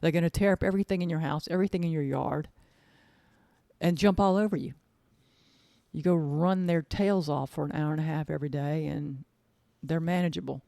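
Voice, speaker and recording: A woman's voice: deep voice, vocal fry, dark tone, dry recording. A woman hosting her own podcast as an author, chatting casually in a gushing, rambling way and repeating words for emphasis. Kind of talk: casual chat.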